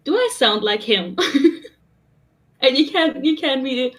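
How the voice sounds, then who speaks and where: Slow, giggly woman. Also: high-pitched, expressive, fairly bright tone. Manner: unhurried, giggly, self-deprecating. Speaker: podcast panelist. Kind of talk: casual chat.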